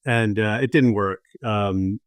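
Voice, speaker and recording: A man's voice: on the low side, takes it slowly, dry recording. A man from southern India hosting a podcast, chatting in a rambling, teasing way full of ums and uhs. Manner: rambling, teasing, many fillers. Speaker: podcast host. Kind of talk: casual podcast chat.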